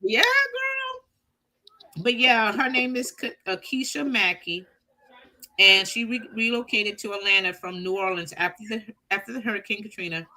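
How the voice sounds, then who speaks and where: A middle-aged woman with a bright, clear voice co-hosts a relaxed talk show. She reads a news story aloud at a steady pace, stumbling and restarting now and then. She chats easily with her co-host between passages. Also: medium pitch, moderate pace. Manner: reads aloud with small restarts, warm laughs. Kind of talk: casual chat, reading an article aloud.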